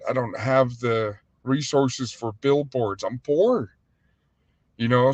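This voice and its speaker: Hosting a relaxed livestream, a restaurant owner from the United States rambles heatedly and loosely, leaning heavily on fillers. His voice sits in the mid-range, and the recording carries no room sound.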